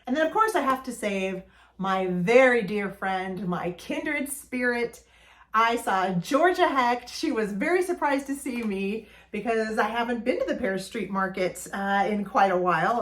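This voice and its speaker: A woman's voice: medium pitch, lively intonation, normal speed, a bit bright. Chatty woman hosting a vintage haul. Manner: chatty, enthusiastic, with many fillers. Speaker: vlog host. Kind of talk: casual shopping haul talk.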